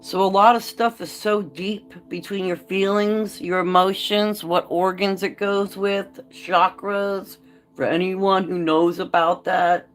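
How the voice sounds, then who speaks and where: A woman's voice: mid-range voice, fairly even intonation, takes it slowly, faint music behind. Blunt, profane woman ranting to camera. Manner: blunt, profane and impassioned, reads aloud then rants. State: choked up. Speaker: vlogger. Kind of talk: candid talking-to-camera vlog.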